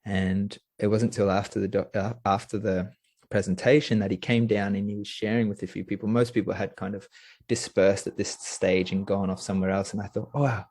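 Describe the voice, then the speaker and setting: A young man tells a story as a podcast guest. His voice sits low and sounds dry and close. He talks eagerly and rambles, dropping plenty of fillers along the way. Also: flat delivery, brisk, a little mellow, no room sound. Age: young adult. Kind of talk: casual storytelling.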